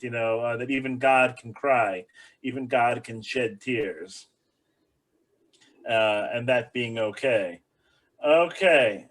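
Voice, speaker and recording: A male rabbi leads a bible study with an easy, joking manner. His voice sits at a mid pitch, and he explains things casually. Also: fairly bright tone. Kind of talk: teaching a bible study class.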